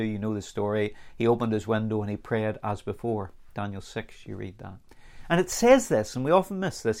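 A man preaching a sermon, earnest and lively, with dramatic pauses and acted-out anecdotes. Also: mid-range voice, creaky.

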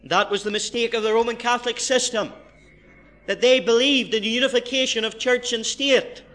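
A man preaching a verse-by-verse Bible sermon, moving from quiet explanation to fervent emphasis. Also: very high voice, fairly even intonation, moderate pace. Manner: impassioned, swinging from soft asides to fervent emphasis.

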